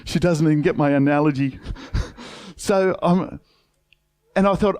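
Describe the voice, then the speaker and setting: A man's voice: a little high, a little slow, long pauses, warm tone, dry recording. A middle-aged man with an Australian accent, a pastor preaching a sermon through a chatty personal story full of colloquial slang and acted-out dialogue. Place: church.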